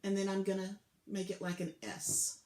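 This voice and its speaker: A woman's voice: mid-range voice, level tone, normal speed, warm tone. A woman guiding children through a clay craft step by step, patient and often dropping to a near whisper. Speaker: craft teacher. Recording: echoey room, faint clicks.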